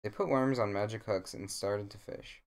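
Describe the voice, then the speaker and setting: Young male streamer, deep and smooth, reads a bedtime story at home with deadpan asides. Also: normal speed. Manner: rambling, with jokey deadpan asides. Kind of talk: casual bedtime story reading. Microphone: desk mic.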